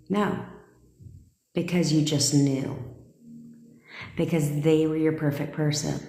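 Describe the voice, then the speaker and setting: A woman's voice: low voice, darkish tone. A woman hosting a live coaching stream, talking bluntly and profanely to viewers and checking in with constant "okay?"s. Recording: roomy echo.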